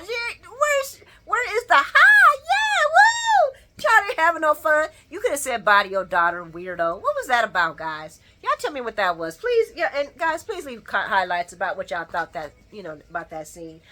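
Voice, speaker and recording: A woman with a higher, bright voice recaps a daytime soap in a loose, chatty way. Her pitch leaps around animatedly as she scolds and teases the characters, laughing often between points. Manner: sassy, talks back to the characters, laughs often. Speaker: soap opera recap vlogger. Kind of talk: casual recap commentary.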